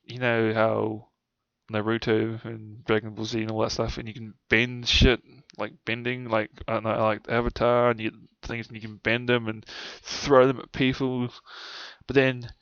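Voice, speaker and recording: Gravelly yet smooth and a bit bright, this young vlogger's mid-range voice stays flat at a normal speed. He rambles through childhood stories to camera with a New Zealand accent, swearing often and trailing off, on a dull, dry lo-fi recording.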